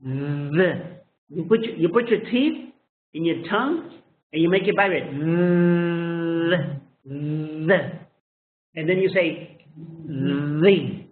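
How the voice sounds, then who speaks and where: A man's voice: fairly high pitch, animated, measured pace. A man whose first language is Spanish, teaching English pronunciation and repeating each sound again and again. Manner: drills single sounds, repeating each one several times. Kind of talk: pronunciation lesson. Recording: tinny phone-like sound in an echoey room.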